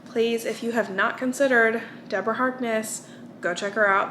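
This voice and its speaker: A woman's voice: fairly high pitch, fairly even intonation, normal speed, fairly bright tone, slight background noise. A young American woman vlogging, chatting casually and tired from little sleep, rambling with fillers and restarts. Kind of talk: casual chat.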